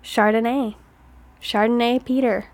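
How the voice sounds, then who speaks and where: A woman's voice: fairly high pitch, steady tone, measured pace. A woman co-hosting a casual chat, telling stories in a chatty way and laughing often. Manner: giggly, chatty storyteller. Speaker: co-host.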